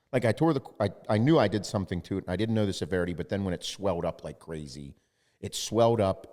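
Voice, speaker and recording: Low-voiced man telling a profane story. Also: darkish tone, long reverb tail. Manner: profane storytelling, quoting others. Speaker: podcast host. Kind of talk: casual chat.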